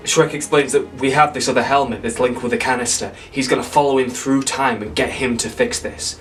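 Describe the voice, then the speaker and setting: A man's voice: medium pitch, fairly even intonation, a little fast, fairly bright tone, recorded from a distance, faint music behind. A man retelling an imagined sequel in a casual, comic way, rambling and correcting himself with playful asides. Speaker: storyteller pitching a sequel.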